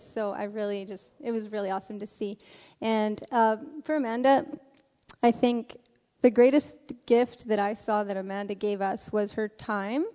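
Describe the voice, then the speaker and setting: A woman speaking to a church congregation, telling lively stories about a mission trip and acting out what people said. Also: medium pitch, moderate pace, clear, resonant tone, big-room sound. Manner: lively storyteller acting out quotes.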